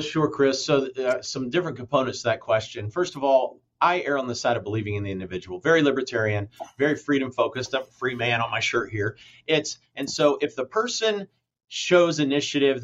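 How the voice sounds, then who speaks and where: A man's voice: mid-range voice, a bit bright. A man, a franchise company president, giving blunt, emphatic motivational answers in a podcast interview. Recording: muffled lo-fi audio.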